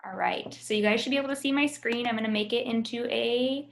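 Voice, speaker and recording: A woman teaching a phonics lesson over a video call, slowly sounding out words for her students. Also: fairly high pitch, creaky. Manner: patient, drawn-out sounding of words.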